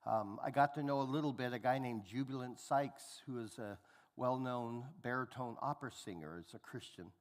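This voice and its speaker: A man's voice: mid-range voice, normal speed, big-room sound. A man preaching a sermon, telling family stories and acting out the voices of the people in them. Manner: animated storyteller acting out family dialogue. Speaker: pastor. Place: church hall.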